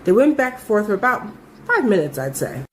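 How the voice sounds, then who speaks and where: A young adult woman telling a story in a casual, animated way, full of swearing and emphasis. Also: medium pitch, brisk, a little hiss or hum.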